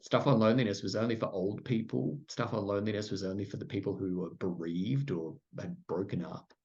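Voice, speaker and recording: A man's voice: lowish voice, fairly even intonation, fairly quick, a little mellow. A middle-aged Australian man candidly telling his story in conversation, full of "like" fillers and self-deprecating asides. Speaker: podcast guest. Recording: muffled lo-fi sound.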